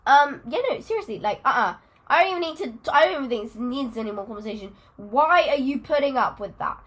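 A woman's voice: on the high side, lively intonation, fast, fairly bright tone. A teenage girl co-hosting a podcast, chatting in a rambling, giggly way. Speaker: podcast co-host. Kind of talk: casual chat.

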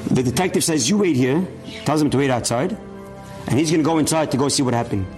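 A man's voice: mid-range voice, fast, soft background music. A man telling an inspirational religious story as a sermon, acting out the voices of its characters. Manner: animated, acts out dialogue of the story's characters.

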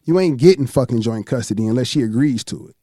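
A man, host of a chat show, telling a long story in a profane, animated way and acting out what others said. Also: medium pitch, fast talker, dry recording, studio quality. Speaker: podcast host.

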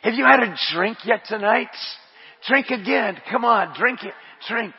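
A man preaching a sermon. He drops to hushed murmurs, rises to shouted refrains, repeats his phrases and speaks in tongues. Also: extremely high pitch, measured pace, creaky, breathy edge. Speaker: pastor. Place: church sanctuary. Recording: dull audio with long hall reverb.

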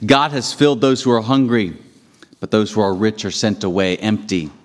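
A pastor preaching in a reverberant hall. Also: male voice, lowish voice, fairly even intonation, normal speed. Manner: storytelling with restarts and emphatic rising peaks. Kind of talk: sermon.

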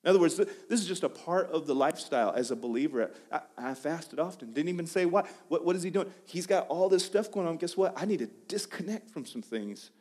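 A man preaching a sermon in a conversational, animated way, often restarting his phrases. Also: fairly high pitch, a little fast, few pauses. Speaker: pastor.

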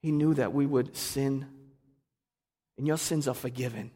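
A male pastor preaching a sermon, swinging from hushed to loud and fervent. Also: medium pitch, fairly even intonation, unhurried, breathy edge. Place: church sanctuary. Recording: long reverb of a church hall.

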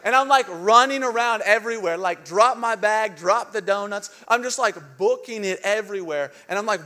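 A young male pastor preaching with a bright, high-set voice. He tells stories with big animated outbursts, acting out panic, then pulls back to a hushed, intimate tone for the reflective points. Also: normal speed, few pauses. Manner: drops to a soft hushed tone for reflective lines. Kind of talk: sermon.

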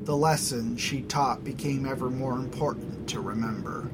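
A man narrating a fantasy story in a measured, even storytelling manner. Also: mid-range voice, background noise. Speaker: audiobook narrator.

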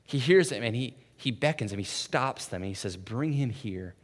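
A man preaching a sermon in a conversational way, often adding "right?" and swinging from hushed, soft passages to loud, intense ones. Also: medium pitch, animated, brisk. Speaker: pastor. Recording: long reverb of a large hall.

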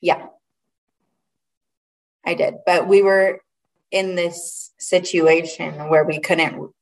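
A young woman with a notably low voice recounts a personal story in an interview. She speaks earnestly and haltingly, often restarting her sentences. Her voice sounds set back from the microphone. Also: fairly even intonation, gravelly. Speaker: interview guest. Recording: voice a little far from the mic.

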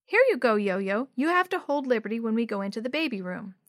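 A woman's voice: on the high side, big pitch swings, fast, no echo, clean studio sound. A woman voicing a confident young boy who speaks in a matter-of-fact way. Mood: bossy.

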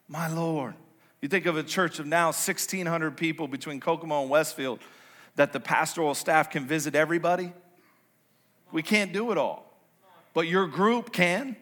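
Male pastor preaching a sermon in a large church; bright tone, slightly high voice, chatty delivery with loud, high outbursts. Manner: conversational preaching, swinging from low and quiet to loud and high.

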